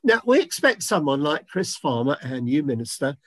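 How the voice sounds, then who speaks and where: A man's voice: fairly high pitch, very animated, moderate pace, fairly bright tone, dry recording. A man preaching a sermon, telling a Bible story expressively and voicing the dialogue.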